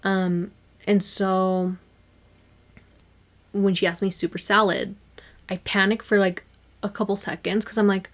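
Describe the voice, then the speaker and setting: A young woman talks through her solo podcast in a loose, chatty way, full of fillers and little laughs. Her voice sits at an ordinary middle pitch, and she stays animated throughout. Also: unhurried, long pauses. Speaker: podcast host. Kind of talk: casual solo podcast chat.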